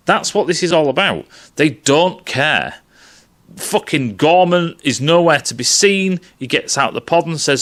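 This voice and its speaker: A man's voice: fairly high pitch, expressive, unhurried, a bit bright. A man giving a casual, profane, rambling film analysis. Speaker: film commentator.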